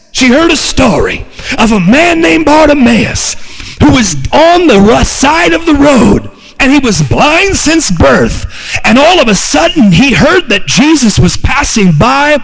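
A man preaching a sermon, animated and calling out to his congregation to respond. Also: extremely high pitch. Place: church sanctuary. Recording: long hall reverb.

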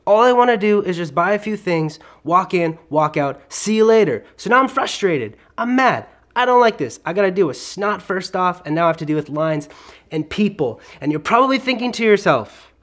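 Male preacher, slightly high voice, lively comic storyteller in a sermon. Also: moderate pace.

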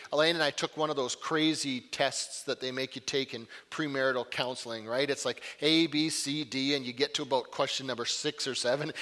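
Pastor guy preaching a sermon, pretty bright voice, goes loud then real quiet, echoey church hall. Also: on the high side. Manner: animated storytelling, swinging from loud to hushed. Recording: long reverb of a large hall.

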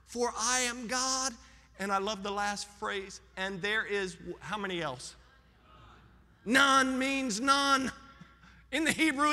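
A man's voice: sits high, bright, forceful tone. A male pastor preaching a fervent sermon, joking with his congregation. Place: church sanctuary. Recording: long hall reverb of a church.

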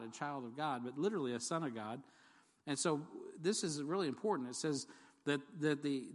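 Preacher man in a reverberant hall. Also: mid-range voice. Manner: conversational and jokey, quizzing the congregation. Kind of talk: sermon.

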